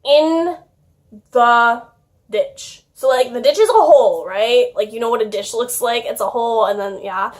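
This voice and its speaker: A woman's voice: a little high, moderate pace. A young woman telling a childhood story in a casual vlog, chatty and giggly, with lots of "like". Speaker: YouTuber.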